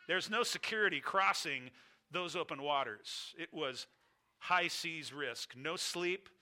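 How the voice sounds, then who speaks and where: A man with a very bright, forceful voice delivers a sermon, telling a story in emphatic, piling phrases. His speaking voice sits a little high for a man. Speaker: preacher. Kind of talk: sermon illustration.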